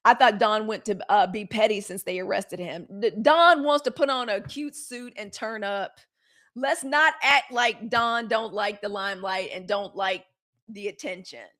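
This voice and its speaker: A middle-aged woman hosting a live news commentary show, blunt and animated, swearing and answering viewer comments from the chat. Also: mid-range voice, unhurried.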